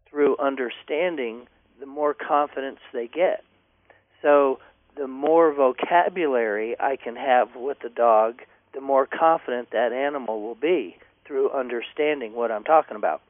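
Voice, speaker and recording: A man's voice: fairly high pitch, no echo. A man giving dog training advice in a confident, instructive way, speaking over the phone. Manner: confident, instructive, repeats catchphrases. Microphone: telephone. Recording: tinny phone line, dry.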